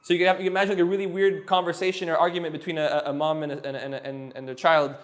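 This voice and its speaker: High-pitched guy teaching spanish to a room, jokey, repeats stuff a lot, kinda stammery. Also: flat delivery, very fast. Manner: playful, jokey, repeats words for drill. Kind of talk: live classroom lesson.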